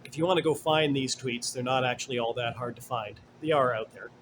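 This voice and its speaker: A man's voice: mid-range voice, a little fast, a bit bright, slight background noise. A man hosting a casual commentary monologue, rambling and digressive with many asides, blunt and sarcastic at times. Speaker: commentary host.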